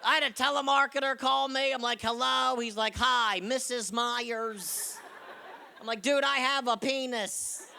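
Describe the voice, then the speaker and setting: A male stand-up comic whose voice sits very high and sharp, with a gravelly edge. He tells anxious, self-mocking jokes and shouts his punchlines. He is recorded on a stage mic with faint noise behind. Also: steady tone, a little fast, few pauses. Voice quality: high, bright voice often taken for a woman's. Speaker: stand-up comedian. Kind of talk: stand-up set.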